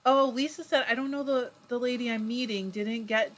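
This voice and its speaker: A woman's voice: a little high, fairly even intonation, normal speed, fairly bright tone. A woman hosting a live stream in a casual, chatty way, reading viewer comments aloud, laughing often and breaking off mid-word. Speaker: livestream host.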